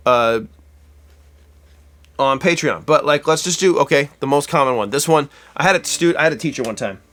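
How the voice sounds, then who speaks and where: A man's voice: medium pitch, a bit bright. A man giving a casual guitar lesson, chatty and self-correcting, counting beats aloud as he plays. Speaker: guitar teacher.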